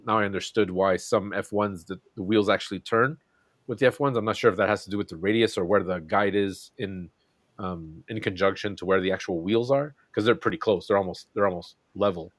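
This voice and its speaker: A man's voice: on the low side, a little fast, dry recording, clean studio sound. A man hosting a casual chat, rambling along with lots of ums and restarts. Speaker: host.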